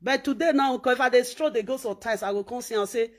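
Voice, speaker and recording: A woman speaking Nigerian Pidgin English in an animated vlog monologue, emphatic and preachy, repeating her points. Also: fairly high pitch, fast talker. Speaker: vlogger.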